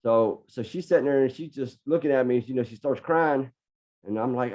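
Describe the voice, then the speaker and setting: A man's voice: mid-range voice, normal speed, darkish tone. Earnest middle-aged man telling a story. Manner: earnest, repeats words while gathering thoughts. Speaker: guest. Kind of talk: personal storytelling. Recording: dull lo-fi podcast audio.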